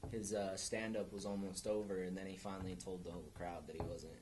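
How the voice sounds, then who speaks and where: Low-voiced young man chiming in. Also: little pitch movement, fairly quick, background noise. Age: young adult. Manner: brief agreeing interjections. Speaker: podcast co-host. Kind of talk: casual chat.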